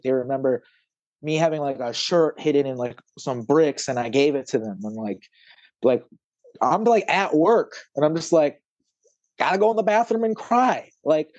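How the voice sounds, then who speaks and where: Podcast guest, man, raised pitch, mellow dull tone, emotional and impassioned. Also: no room sound. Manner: impassioned, swearing, rambling with many fillers. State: close to tears. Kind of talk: emotional conversation.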